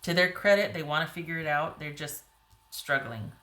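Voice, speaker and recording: A woman giving a casual, rambling tarot reading to viewers, her voice getting a little hoarse. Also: sits low, animated, moderate pace, sharp tone, reverberant. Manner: chatty, rambling, frequent "you know" and "like". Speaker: tarot reader.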